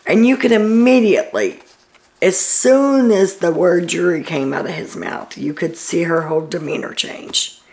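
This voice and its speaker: A woman's voice: lowish voice, normal speed, vocal fry, darkish tone. A woman hosting a casual reality TV recap, chatty and opinionated as she loosely retells the day's events with fillers.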